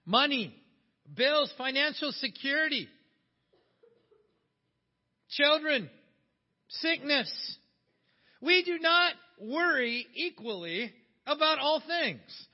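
A man's voice: very high voice, expressive, slow pace, pauses often. A man preaching a sermon in a conversational way, putting questions to his listeners. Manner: conversational, asks the audience questions. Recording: dull sound with long hall reverb.

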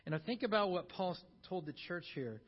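A man preaching a sermon, telling a story in a hushed low voice, then rising loud for emphasis. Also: animated, fairly quick, breathy edge. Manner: storytelling, drops soft and low for quotes, rises loud for emphasis. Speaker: pastor. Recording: dull lo-fi sermon recording.

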